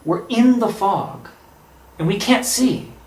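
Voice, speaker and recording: A man telling a personal story, lively and acting out the dialogue. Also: high-pitched, slow, roomy sound, low-quality recording. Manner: animated, acts out quoted dialogue.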